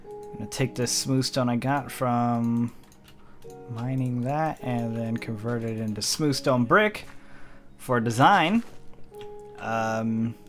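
A man's voice: medium pitch, slow pace, pauses often, faint music behind. A man talking casually while playing a game, rambling and correcting himself as he goes. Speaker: let's play host. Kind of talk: casual gameplay commentary.

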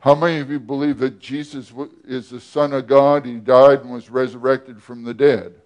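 A man preaching a sermon as pastor, often asking the congregation questions and pausing between phrases. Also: medium pitch, flat delivery, a little mellow, muffled recording. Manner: asks the congregation questions, with pauses and restarts.

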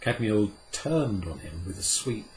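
A man reading a classic children's story aloud as an unhurried, measured narrator. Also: on the low side, big pitch swings, noisy background. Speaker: audiobook reader. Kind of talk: scripted narration.

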